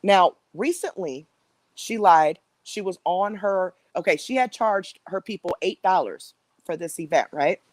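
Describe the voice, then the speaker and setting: A middle-aged woman with a drawl talks straight to her livestream viewers in a loose, rambling way. Her voice sits a little low, and the sound is close and dry with no room echo. She fills her sentences with ums and restarts. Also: animated, moderate pace, few pauses. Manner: chatty, rambling, with frequent fillers and restarts. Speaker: livestream host. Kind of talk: casual livestream commentary.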